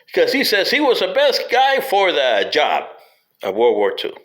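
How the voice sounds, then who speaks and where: A man's voice: high-pitched, huge pitch swings, moderate pace, a bit bright, low-quality recording. A man giving a rambling spoken history commentary, digressive and wry, sometimes addressing politicians directly.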